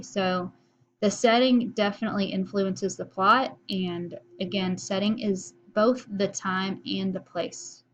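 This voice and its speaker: A woman teacher walks her students through a recorded lesson in a relaxed, chatty way. She explains as she goes, often pausing on an um or uh. Her voice sits at an ordinary middle pitch. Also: a little hiss or hum. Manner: casual and explanatory, with frequent fillers.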